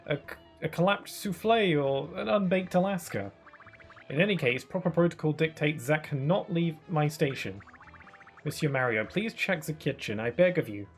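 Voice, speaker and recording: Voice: medium pitch, expressive, moderate pace, faint music behind, lightly acted. A streamer voicing a small fussy Toad maître d' with put-on French airs, dramatic and pleading.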